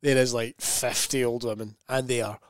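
A Scottish comedian co-hosting a casual chat podcast, telling animated anecdotes full of mimicked voices and laughter. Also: male voice, mid-range voice, normal speed, dry recording.

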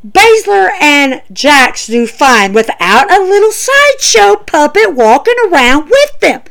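A woman's voice: high voice, big pitch swings, measured pace, gravelly, a bit bright. A woman giving an emphatic, chatty wrestling show review, talking straight to her viewers. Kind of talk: casual opinion vlog.

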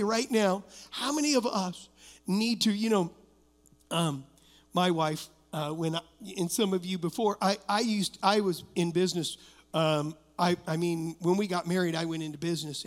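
Man, pastor, middle-aged, sermon, high voice, emphatic, church hall reverb. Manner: emphatic, declaring preacher with personal stories.

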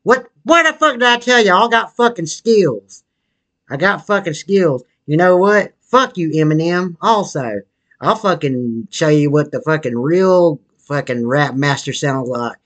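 Puffing on a cigarette, the character, a crude, foul-mouthed, obese wannabe rapper voiced by a man in a comedy sketch monologue, rambles boastfully in a profane, slangy drawl. The voice is fairly high, a little slow, with lively intonation.

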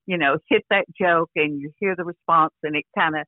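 An older actress chatting casually as an interview guest over a phone line, rambling with restarts and frequent "you know". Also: female voice, deep voice, a little fast, no room sound. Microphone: phone call.

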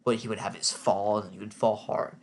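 A man's voice: fairly low pitch, little pitch movement, fairly quick, a little hiss or hum. A man giving a casual, opinionated spoken recap, chatty and filling his talk with "like". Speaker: TV recap vlogger.

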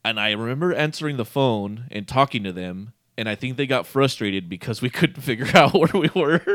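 A man's voice: medium pitch, moderate pace, no room sound, clean studio sound. A man casually telling a rambling, profane story, often breaking into laughter. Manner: profane, laughing, animated retelling.

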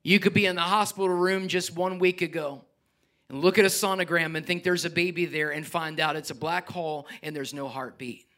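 Speaking briskly in a slightly high voice, a middle-aged pastor preaches with animation. His sermon climbs to near-shouting, then eases into soft, quiet asides.

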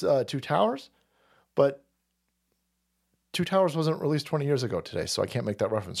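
A man's voice: lively intonation, a little fast, creaky, long pauses. A man hosting a political commentary stream, ranting crudely and mocking the clips he plays. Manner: mocking, crude, shouting swings in pitch; does mocking falsetto voices when quoting others.

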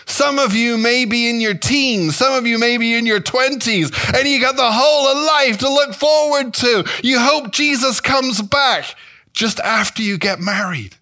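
An English man in his fifties giving a sermon as a guest Bible teacher, animated and playful, his pitch and pace shifting often. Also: a little slow. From England. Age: 50s.

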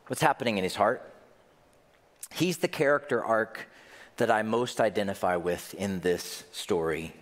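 A man's voice: mid-range voice, in a large hall. A man preaching a sermon, asking rhetorical questions and joking with his congregation. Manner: jokes with the congregation. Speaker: pastor.

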